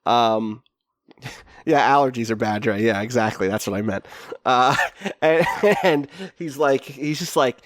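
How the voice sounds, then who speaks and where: A man's voice: medium pitch, a little slow, no room sound, clean studio sound. A man with a runny nose narrating as game master, rambling with lots of fillers and laughs.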